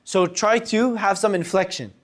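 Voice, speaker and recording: A young man teaching a workshop on public speaking to a live group, animated and shifting his loudness and pace to demonstrate. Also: high voice, moderate pace. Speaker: workshop instructor. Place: room with a live audience.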